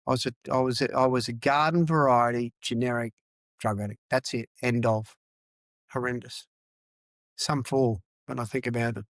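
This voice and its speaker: A man's voice: medium pitch, fairly even intonation, normal speed, dry recording. A man in his fifties, a former rugby player telling his story as a podcast guest in a raw, frank way, repeating words for emphasis. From Australia. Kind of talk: candid personal storytelling.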